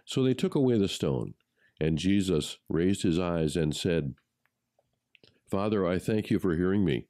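A man reading a gospel passage aloud in a measured, solemn way. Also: low-pitched, animated, dark tone, no room sound, clean studio sound. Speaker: gospel reader. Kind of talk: scripture reading.

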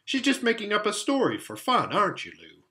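A man's voice: sits high, wildly swooping pitch, brisk, pushed and bright, voice pushed up, exaggerated voice. A man voicing a good-natured older boy in a storybook reading, teasing and brotherly. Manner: teasing, brotherly, then firm. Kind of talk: storybook read-aloud.

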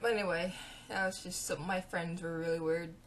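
A young woman vlogging a storytime, chatty and animated, acting out what her friends said. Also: on the low side, moderate pace. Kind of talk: storytime vlog.

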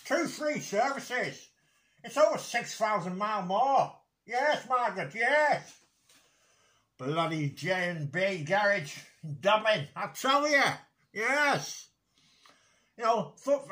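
A grumpy older man , as a man puts him on, rants down the phone in an exasperated comic impression. He repeats his grievances over and over and peppers them with mild swearing. The put-on voice sits high and sounds bright and sharp. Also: full character voice. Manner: exasperated ranting, repeats himself and swears mildly. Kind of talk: comic one-sided phone rant impression.

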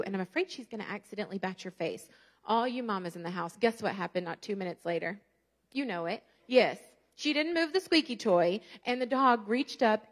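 Lady preaching, kinda high voice, lively storyteller, keeps asking the crowd stuff. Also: creaky. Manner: animated storytelling, rhetorical questions to the congregation. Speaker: guest preacher. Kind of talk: sermon.

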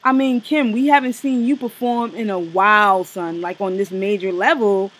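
Blunt husky woman reviewer. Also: medium pitch, normal speed, rough recording. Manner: blunt, animated, profane, with slang. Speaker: co-host reviewing a TV special. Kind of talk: casual review chat.

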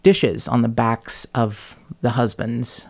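A woman hosting a podcast in casual chat, talking in an animated, blunt way, swearing freely and laughing between words. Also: a bass voice, takes it slowly. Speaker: podcast host.

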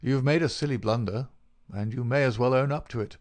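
A man's voice: medium pitch, brisk, a little mellow, close to an everyday voice. A man voicing a big, bald, unctuous male swindler in an audiobook, his talk oily and mocking. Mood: gloating. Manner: oily, made-everything-easy talk. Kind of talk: audiobook character reading.

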